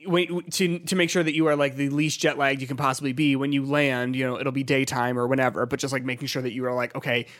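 A man's voice: medium pitch, flat delivery, fast talker, hardly any pauses, a bit bright. A man hosting a podcast, chatting in an upbeat, loose way. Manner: chatty, many fillers and restarts, upbeat. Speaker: podcast host. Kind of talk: casual chat.

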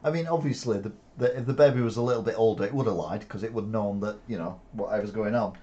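A man's voice: fairly low pitch, fast talker, dark tone, muffled recording. A man reading news headlines aloud and adding sardonic, opinionated commentary, with occasional swearing and chuckles.

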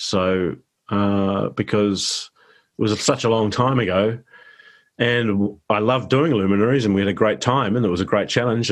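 A middle-aged man with a New Zealand accent, chatting as a guest actor in an interview, relaxed and self-deprecating. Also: on the low side. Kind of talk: casual interview chat.

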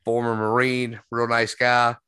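A man's voice: medium pitch, monotone, a little slow, sharp tone, clear, resonant tone, no echo. A man hosting a podcast, telling a rambling story in casual chat. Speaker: podcast host.

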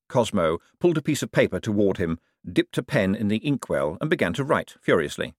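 Low-voiced expressive male audiobook narrator. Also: fairly quick, few pauses, dry recording, studio quality.

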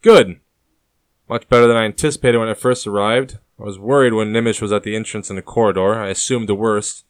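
A man's voice: on the low side, steady tone, a little fast, clear, resonant tone, no room sound, clean studio sound, lightly acted. A man voicing the commanding leader of a rebel group, speaking sharply and with proclamation, in an audiobook. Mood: relieved.

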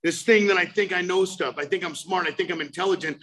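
A man in his forties telling his recovery story, animated, breaking into loud exasperated outbursts. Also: high voice, fast. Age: 40s. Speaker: speaker sharing recovery story. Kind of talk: recovery talk, personal story.

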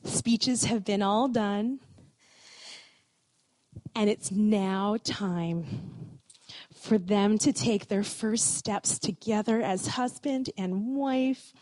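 A woman telling a love story to an audience, animated and playful, often dropping into asides. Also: medium pitch, extremely slow, pauses often, no echo. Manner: animated, expressive, playful, with many "like" fillers. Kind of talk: storytelling talk.

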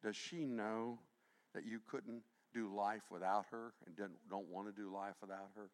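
A man preaching a sermon as pastor, animated and humorous, interrupting himself and swinging from quiet asides to near shouting. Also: fairly low pitch, moderate pace. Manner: self-interrupting with restarts and humor.

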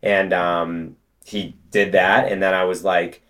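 Low-voiced chatty young man. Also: level tone, slow, fairly bright tone. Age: 20s. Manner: chatty, storytelling with many fillers. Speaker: guest, detailing business co-owner. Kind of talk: casual interview talk.

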